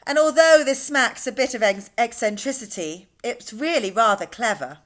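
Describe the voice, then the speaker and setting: A woman's voice: a little high, animated, normal speed, close to an everyday voice. A woman doing a bubbly, cheerful little boy. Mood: sing-song. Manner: sing-song and bubbly. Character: cheerful small boy, eager and friendly.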